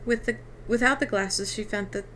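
A woman's voice: mid-range voice, moderate pace, a bit bright, a little hiss or hum, rough recording. A woman reading a novel aloud, now and then stumbling over the text. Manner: stumbles and apologizes between passages. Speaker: reader.

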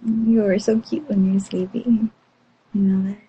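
A woman in playful bedtime chat, speaking softly and half-whispered, teasing her partner. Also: mid-range voice, flat delivery, unhurried, husky, lo-fi sound.

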